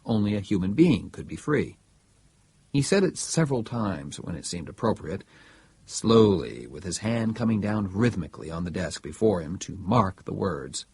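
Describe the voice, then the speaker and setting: Very husky male audiobook narrator. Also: sits low, very animated, normal speed, darkish tone.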